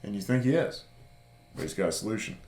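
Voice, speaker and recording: A man co-hosting a podcast, recapping a TV series in loose casual chat full of fillers and quick laughs. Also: lowish voice, expressive, darkish tone. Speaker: podcast co-host. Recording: roomy echo.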